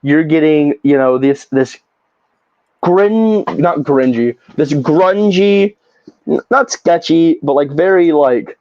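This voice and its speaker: A podcast co-host rants in a profane, animated way, his voice sitting a bit high for a man. The sound is dry and slightly dull, like lo-fi podcast audio. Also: measured pace, few pauses, no room sound. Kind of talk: casual podcast chat.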